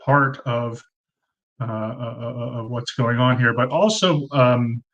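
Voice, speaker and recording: A man's voice: mid-range voice, takes it slowly, fairly bright tone, lo-fi sound. Man, thirties, live stream host, casual rambling chat, plenty of filler words, budget desk mic, home room. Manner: chatty, rambling, many ums and uhs, thanks viewers by name. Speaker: livestream host. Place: room at home under fluorescent lights. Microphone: cheap desk mic.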